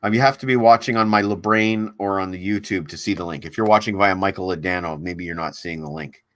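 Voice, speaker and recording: A man hosting a casual livestream, rambling with halting restarts and reading viewer comments aloud. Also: low-pitched, fairly bright tone, no echo. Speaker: livestream host. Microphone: desk mic on a laptop stream.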